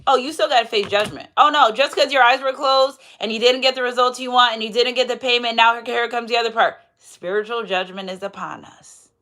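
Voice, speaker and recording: A woman doing a casual live tarot reading in an animated, playful way, with laughter and asides. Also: fairly high pitch, a little fast. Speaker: tarot reader.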